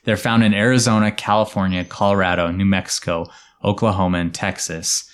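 A man with a very low voice tells a story to his co-hosts in an easygoing podcast chat. His delivery is relaxed and explanatory, and it sinks into quiet asides. The sound is a casual studio conversation. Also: fairly quick, clear, resonant tone. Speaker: storyteller host.

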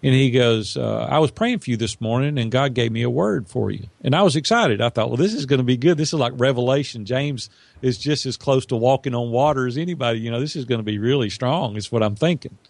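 A middle-aged man with a gravelly, creaky edge to his voice tells a personal story as a podcast guest. He talks earnestly and animates the quotes of others. The sound is close and dry. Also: medium pitch, quick pace, dry recording. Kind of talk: storytelling in an interview.

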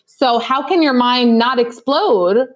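A woman's voice: a little high, slow pace. Chatty young woman gossiping with fillers. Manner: chatty, animated, lots of fillers and mock impressions. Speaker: podcast co-host. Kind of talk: casual gossip chat.

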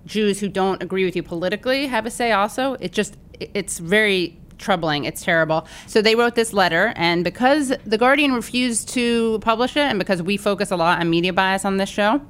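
A woman co-hosting a podcast, chatting casually with animated, sardonic asides. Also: mid-range voice, a little fast, few pauses, clean tone. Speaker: podcast co-host. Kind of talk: casual political chat.

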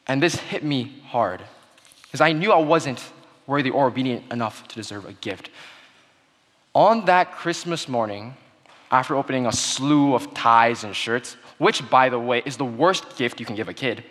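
A young man giving a sermon-style talk, telling a childhood story in an earnest way that goes quiet at the sad moments. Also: mid-range voice, expressive, normal speed. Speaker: speaker giving a Christmas message. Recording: long hall reverb.

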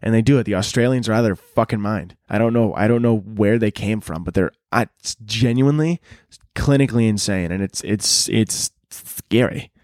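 In clean studio sound with no room tone, a young podcast host with a fairly low, darkish voice talks a little fast through a solo comedic rant. He jokes profanely, rambles, and drops into silly voices.

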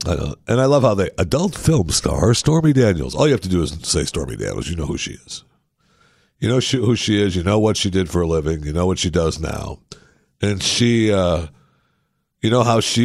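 A man's voice: low-pitched, dry recording, studio quality. A man hosting a talk show, giving opinionated political commentary with indignant, sarcastic asides.

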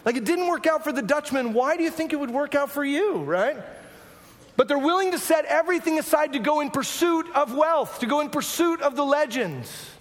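Male pastor, sermon delivery: high-pitched, animated, playful, with long hall reverb. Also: fairly quick. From Arizona. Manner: animated, humorous, full of rhetorical questions.

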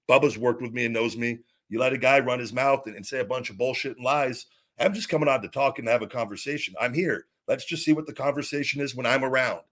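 With a medium-pitched, slightly bright voice, a middle-aged talk show host rambles through a blunt, profane story on his own. He quotes other people along the way, performing their lines as retold dialogue.

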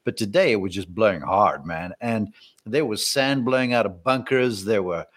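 A man co-hosting a golf podcast, talking in a relaxed, rambling way with many fillers and restarts as he breaks down the round. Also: lowish voice, normal speed. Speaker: golf analyst, podcast co-host. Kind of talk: casual golf analysis chat.

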